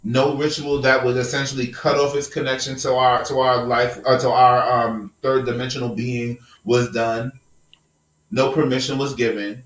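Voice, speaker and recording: A man's voice: medium pitch, flat delivery, moderate pace, a bit bright, echoey room, recorded from a distance, poor audio. Impassioned profane male podcast host. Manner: impassioned, profane, preachy rants. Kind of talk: passionate casual podcast discussion.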